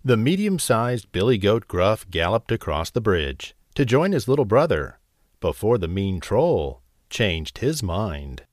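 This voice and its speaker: A man narrating a bedtime story in a slow, expressive, gentle way. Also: lowish voice, dry recording, studio quality.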